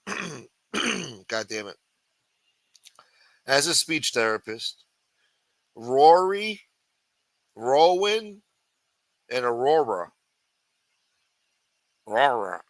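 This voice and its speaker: A man with a bright, forceful voice reads news stories aloud and tears into them with crude, mocking asides. His delivery is sarcastic and full of profanity. The sound is close and dry, with no room around it. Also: medium pitch, animated, slow pace, gravelly, long pauses, dry recording, low-quality recording. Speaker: livestream show host. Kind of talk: reading news articles aloud with commentary.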